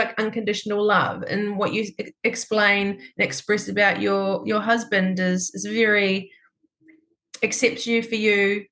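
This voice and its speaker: A woman's voice: mid-range voice, a bit bright. A woman in her forties hosting a podcast, speaking reflectively and affirming her guest as she thinks aloud. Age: 40s. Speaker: podcast host. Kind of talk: conversational interview.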